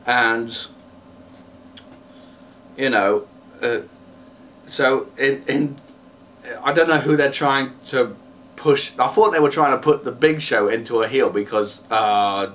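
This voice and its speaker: A man's voice: mid-range voice, slow, long pauses, fairly bright tone, distant mic. A man ranting casually to camera, exasperated and rambling, with lots of fillers and restarts. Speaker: vlogger.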